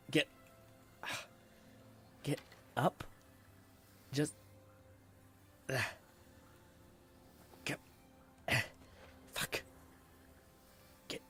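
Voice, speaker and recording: A hoarse man casually commenting on a game as he streams it, rambling, swearing freely and reading chat messages aloud. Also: medium pitch, sharp tone.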